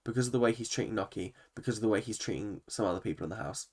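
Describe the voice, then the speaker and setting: Talking very fast in a slightly rough, low-leaning voice, a male vlogger rants through a recap of a reality TV episode. He's animated and opinionated, swearing freely as he reacts.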